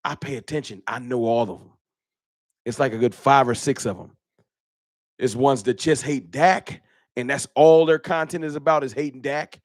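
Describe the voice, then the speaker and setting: A man hosting a casual live-stream fan talk show, animated and slangy, often repeating his words. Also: mid-range voice, moderate pace, dry recording, studio quality.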